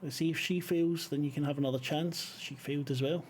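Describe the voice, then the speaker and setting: A man narrates a tabletop horror game as its game master, with a slightly high voice. He swears freely and pauses with plenty of ums while he describes the scene. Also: fairly even intonation, husky. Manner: swears casually, frequent filler pauses.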